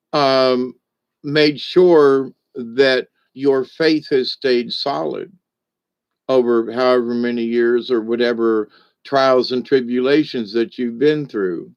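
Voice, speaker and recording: A man's voice: medium pitch, fairly even intonation, slow pace, clean tone, highs cut off. A man telling a joke and then reflecting on faith in a folksy, rambling way with many fillers. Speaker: speaker on spiritual lessons.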